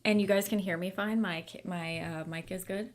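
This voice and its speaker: A woman's voice: fairly low pitch, steady tone, normal speed. A woman hosting a book club livestream, chatting casually and reading viewer comments aloud with lots of fillers.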